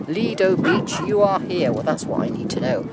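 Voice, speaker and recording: A woman's voice: lowish voice, expressive, normal speed, heavy background noise. A woman chatting in a sing-song way while filming a walk along a beach and holiday park. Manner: chatty, sing-song, hums and laughs often. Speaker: vlogger. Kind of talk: casual walking commentary.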